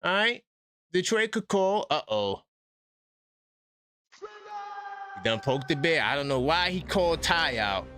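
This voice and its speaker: A man's voice: a little high, wildly swooping pitch, slow pace, gravelly, long pauses, pushed and bright, faint music behind. A man hosting a live sports call-in show, trash-talking and laughing with callers in casual street slang.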